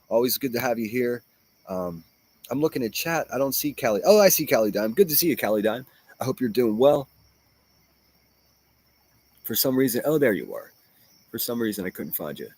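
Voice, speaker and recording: A man talks on his livestream in a loose, profane, combative rant. He reads comments and mocks his critics. His voice sits at an ordinary pitch, and the recording is dry and close. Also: a little mellow, dry recording. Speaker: livestream host reading chat.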